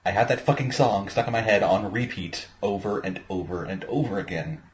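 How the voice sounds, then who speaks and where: A man's voice: lowish voice, fairly quick, dull audio. A man hosting a casual movie commentary podcast over an online call, rambling and swearing freely. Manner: profane, rambling. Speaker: podcast host. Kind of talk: casual commentary-track chat.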